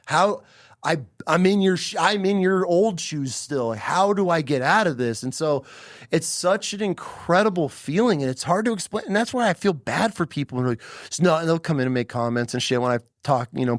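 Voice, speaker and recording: A man hosting a podcast, telling a story in an animated, emphatic way with plenty of swearing. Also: fairly high pitch, a little fast, no echo, clean studio sound. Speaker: podcast host. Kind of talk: casual conversation.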